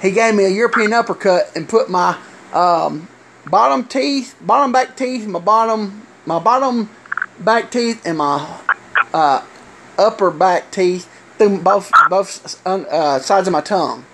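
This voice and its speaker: A middle-aged man, a former wrestler telling stories in casual chat, halting and full of fillers. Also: high-pitched, vocal fry. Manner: rambling, halting with many fillers. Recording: loud hiss with clicks.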